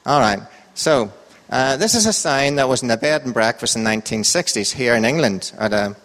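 A man's voice: mid-range voice, expressive, brisk, fairly bright tone. An Irish man with a lilting, sing-song delivery that rises and falls, giving a casual Bible talk to a church group. He sounds chatty and joking, and his voice carries a long reverb from the hall around him. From Ireland. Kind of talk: informal Bible talk with a quiz.

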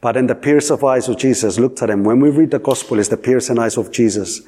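A man's voice: mid-range voice, fast talker, dark tone, slightly rough. A man preaching a sermon, repeating phrases for emphasis and asking the listeners questions. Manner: repetitive, emphatic, asks the audience questions.

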